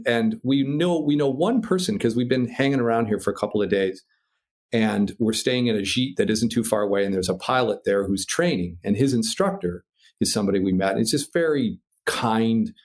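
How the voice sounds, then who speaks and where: A man from Minnesota, a podcast guest, telling a story in a casual, animated way, swearing freely and laughing through the tense parts. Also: on the low side, moderate pace. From Minnesota, USA. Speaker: podcast guest, paraglider pilot.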